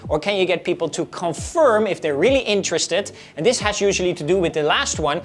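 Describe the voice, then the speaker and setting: A woman coaching real estate salespeople in a video lesson, explaining how to handle client objections and acting out the dialogues. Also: fairly low pitch. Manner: animated, acts out client dialogues.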